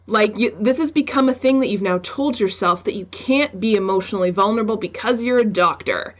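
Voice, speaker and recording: A woman's voice: mid-range voice, a little fast, highs cut off. A woman hosting a podcast in casual conversation, telling stories with animation and acting out other people's remarks. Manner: animated, acts out quoted remarks in livelier tones. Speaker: podcast host.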